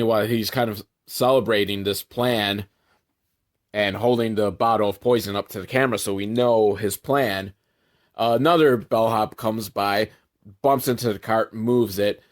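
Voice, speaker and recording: A man giving a sarcastic, irreverent comedic recap of a movie, with deadpan asides and sudden jumps in pitch for emphasis. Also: unhurried.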